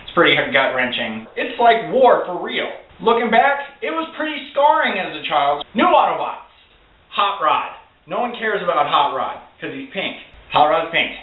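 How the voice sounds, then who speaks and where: A man ranting through a casual film review, sarcastic, profane and excitable. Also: a little high, moderate pace. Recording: tinny, echoey, far from the mic.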